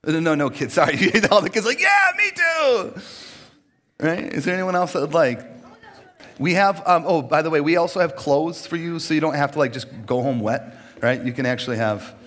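A man's voice: fairly high pitch, brisk. A man pastor on a church stage inviting people to be baptized, chatty and joking, laughing often and restarting his sentences. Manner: laughs often between phrases. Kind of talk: casual sermon invitation.

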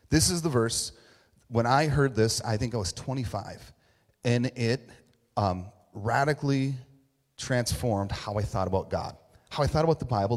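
A man giving a casual, joking sermon as pastor, acting out the voices of the people in his story. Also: medium pitch. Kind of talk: conversational sermon. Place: church sanctuary. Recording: long reverb of a hall.

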